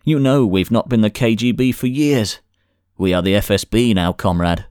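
A man's voice: on the low side, normal speed, a little mellow, clear, resonant tone, no room sound, clean studio sound, natural voice. A man doing a sneering Russian spy chief. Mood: mocking. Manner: sardonic, condescending. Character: menacing Russian intelligence officer, middle-aged man, cold and mocking.

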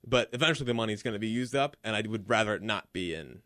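A man in his twenties co-hosting a sports podcast, opinionated and quick, with lots of casual fillers. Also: on the low side, lively intonation, fairly bright tone, no room sound, clean studio sound. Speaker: podcast co-host.

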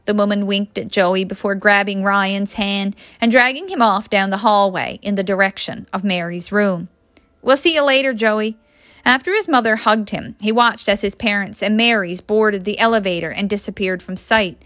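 Bright woman reading a story. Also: mid-range voice, steady tone, moderate pace, few pauses, dry recording, clean studio sound. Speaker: audiobook reader. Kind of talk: storybook narration.

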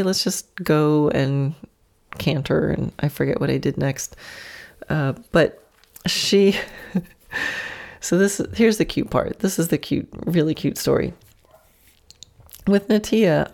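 A woman's voice: deep voice, vocal fry, darkish tone. A woman hosting a podcast, casually telling a story, laughing often and voicing her horse's imagined thoughts. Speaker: podcast host and horse trainer.

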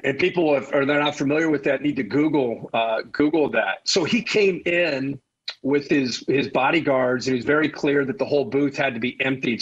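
A middle-aged man and football analyst, telling animated stories as a guest, laughing often and restarting his sentences. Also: mid-range voice, husky, dull audio. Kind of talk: casual storytelling interview.

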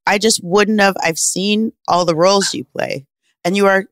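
A woman's voice: mid-range voice, steady tone, moderate pace, dry recording, clean studio sound. A woman co-hosting a chat podcast, joking and teasing the guest. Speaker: podcast co-host. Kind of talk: casual chat.

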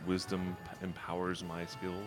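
A man's voice: low voice, monotone, moderate pace, music in the background. A man playing a tabletop game, chatty and rule-minded, talking through his moves. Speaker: player. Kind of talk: casual tabletop play.

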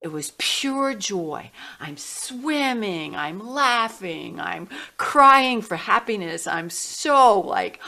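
Middle-aged woman, interview guest, animated storyteller who acts out her inner voices. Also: medium pitch, slow. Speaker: guest, healing music artist.

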